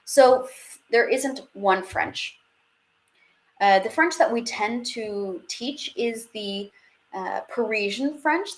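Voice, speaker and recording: A woman teaching a live online French class, chatty and upbeat, reading out viewer questions as she goes. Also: medium pitch.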